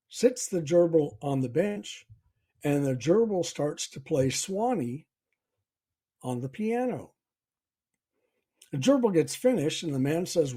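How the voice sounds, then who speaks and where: Folksy, slow-talking host. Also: male voice, fairly high pitch, warm tone, breathy edge. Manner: folksy, unhurried storyteller. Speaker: podcast host. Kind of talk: storytelling and self-help talk.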